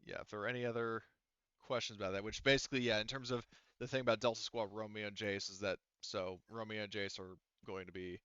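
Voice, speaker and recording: A man running a tabletop game who rambles and restarts often, with a low, smooth voice. The recording is dull and lo-fi, dry and close to the mic. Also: flat delivery, fast, fairly bright tone, dry recording. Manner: rambling, full of fillers and restarts. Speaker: game master.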